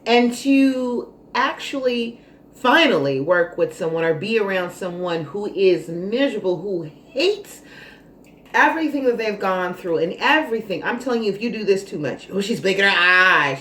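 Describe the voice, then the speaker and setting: A woman vlogger telling a story in a casual monologue, animated, dramatic and sassy. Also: mid-range voice, moderate pace. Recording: roomy echo, faint noise.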